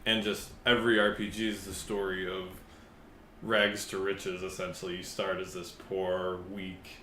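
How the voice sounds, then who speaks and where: A man with a very low voice, talking casually and at length about video games, swearing now and then. He sounds like he is in a roomy space, with a faint hum of background noise. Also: moderate pace. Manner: relaxed, rambling gamer talk with frequent swearing. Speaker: podcast co-host. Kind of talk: casual chat.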